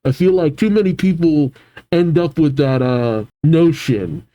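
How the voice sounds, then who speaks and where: A man hosting a manga reaction video, reading along and reacting emotionally with sighs and halting exclamations. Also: on the high side, dark tone, poor audio. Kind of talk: casual reading and reacting to a comic.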